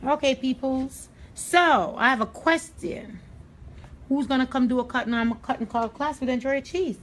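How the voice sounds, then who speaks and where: A woman's voice: high-pitched, normal speed, a little hiss or hum. A woman from New York hosting a live hair tutorial, chatting sassily and directly to her viewers. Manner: sassy, chatty, addresses viewers directly as "y'all" and "honey". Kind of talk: casual live-stream chat while styling hair.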